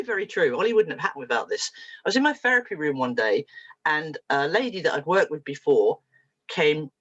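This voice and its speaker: A woman with a low, slightly husky voice speaks to an audience as a therapist. Her pitch swings widely as she jokes at her own expense. The recording sounds dull and lo-fi. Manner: lively and humorous, with frequent laughs and self-mockery. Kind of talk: storytelling talk to an audience.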